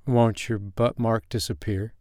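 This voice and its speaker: A man's voice: fairly low pitch, little pitch movement, unhurried, darkish tone, no echo, studio quality, natural voice. A man voicing a surprised young woman in an audio story, asking short, incredulous questions.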